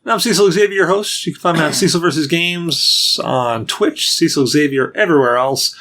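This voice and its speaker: A podcast host with a slightly high, fairly bright voice chats casually and a little fast, rambling with lots of fillers and restarts.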